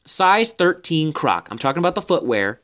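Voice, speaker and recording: Casual podcast co-host, man, playful needling, lively swinging pitch. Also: fairly quick. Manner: teasing, mock-indignant ribbing.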